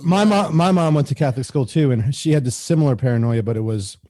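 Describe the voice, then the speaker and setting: A man's voice: mid-range voice, fast talker, dark tone, dry recording. A young man visiting a chatty podcast, with a dry voice close to the mic. He tells his story wryly and laughs through the strangest parts. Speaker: podcast guest. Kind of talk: casual chat.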